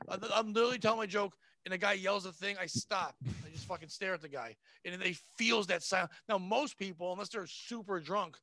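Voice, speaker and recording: A man who works as a comedian, talking casually on a podcast in a blunt, profane, animated way. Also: sits high, a little fast, few pauses, no room sound. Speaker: comedian guest.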